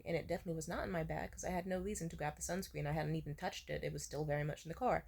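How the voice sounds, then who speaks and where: A woman's voice: sits low, fairly even intonation, racing, gravelly, hardly any pauses, darkish tone, breathy edge. A young woman in her twenties talking straight to camera in a loose, rambling storytime vlog. She swears freely and sounds exasperated as she tells the story. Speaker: vlogger.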